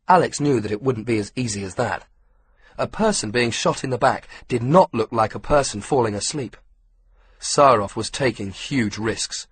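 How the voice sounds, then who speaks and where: A man reading an audiobook with steady, measured pacing. His voice is husky and breathy, sitting at an ordinary middle pitch. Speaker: audiobook narrator. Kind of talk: scripted narration.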